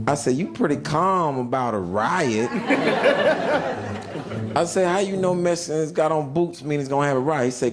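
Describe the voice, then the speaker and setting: A man's voice: on the high side, sing-song, measured pace, music in the background. A man doing stand-up, telling a prison story and acting out the people in it with shifting voices. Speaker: stand-up comedian.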